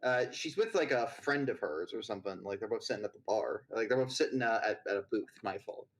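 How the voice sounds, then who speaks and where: A man's voice: fairly low pitch, expressive, brisk, rough recording. A man narrating as game master in a tabletop game, loose and rambling with lots of fillers.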